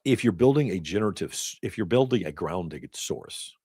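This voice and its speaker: A man with a low, deep voice leads a class in a loose, talkative way and drifts into little stories along the way. The sound is dry and close, with almost no room around it. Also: animated, normal speed, warm tone, slightly rough, no room sound. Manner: chatty, storytelling asides with laughs. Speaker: instructor. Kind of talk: casual lecture. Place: classroom or event hall.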